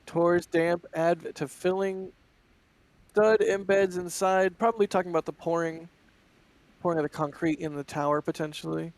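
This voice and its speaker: A man co-hosting live stream commentary and reading viewer messages in a quick, conversational way. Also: fairly high pitch, vocal fry.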